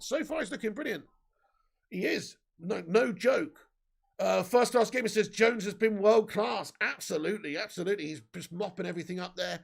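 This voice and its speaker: A man hosting a live football watch-along, swinging from low grumbling to excited shouting, swearing often. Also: brisk, gravelly.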